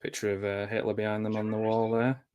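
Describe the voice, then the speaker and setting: A man's voice: on the low side, completely flat delivery, fast talker, a little mellow, clear, resonant tone, no room sound, highs cut off. A man giving a casual, joking live commentary over a film, chatty and wry with plenty of fillers. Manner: chatty and wry, with dry jokes and frequent fillers.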